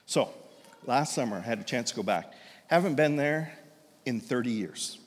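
Animated middle-aged pastor in a reverberant hall. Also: male voice, medium pitch, moderate pace. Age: 50s. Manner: animated, self-deprecating storyteller with many restarts. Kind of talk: sermon storytelling.

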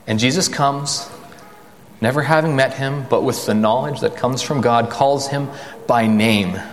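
A man preaching a sermon in a conversational way, asking the listeners questions and slowing down for emphasis. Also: lowish voice, big-room sound. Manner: conversational, rhetorical questions, dramatic slow emphasis.

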